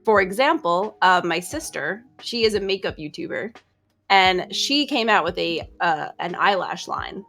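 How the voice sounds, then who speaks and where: A woman's voice: lowish voice, expressive, measured pace, a bit bright, faint music behind. A woman guesting on a casual podcast chat, rambling and hesitant with plenty of fillers. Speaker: streamer guest.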